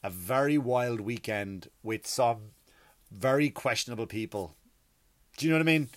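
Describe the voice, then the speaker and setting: A man's voice: medium pitch, moderate pace, no room sound, studio quality. A man in his thirties with an Irish accent, telling a comic story as a podcast host, rambling and swearing, with many restarts. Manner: rambling, profane, frequent restarts and asides.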